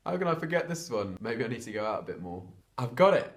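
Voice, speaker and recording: A man's voice: lowish voice, animated, a little fast. A young man from England talking casually to camera, chatty and hesitant with lots of fillers and restarts. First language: English. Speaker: vlogger.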